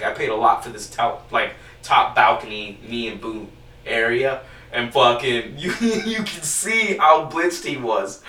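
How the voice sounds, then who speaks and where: A man's voice: mid-range voice, bright, forceful tone, reverberant, far from the mic. A man telling a long, rambling, profane story in casual chat, full of "dude" and "bro".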